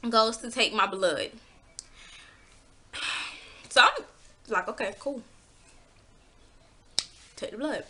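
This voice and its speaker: Bright-voiced woman telling a profane story. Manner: animated, profane, exasperated storytelling; acts out quotes with pitch jumps. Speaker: vlogger telling a personal story. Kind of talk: casual storytime vlog.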